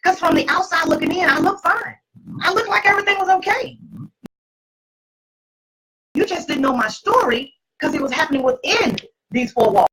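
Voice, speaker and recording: A middle-aged woman hosting an event shares her personal testimony with an audience in an emphatic, preacherly style. Her voice is husky yet high-pitched and a bit bright, captured with poor audio.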